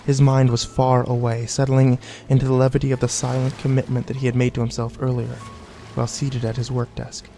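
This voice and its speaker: A man reading a scripted horror story in a measured, deliberate way. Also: medium pitch, completely flat delivery, vocal fry, warm tone. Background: faint background music.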